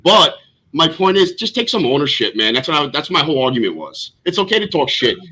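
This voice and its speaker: A man's voice: fairly high pitch, sing-song, fast talker, sharp tone, husky. A man on a podcast panel arguing bluntly in a heated casual debate, lecturing and swearing freely, heard over a video call.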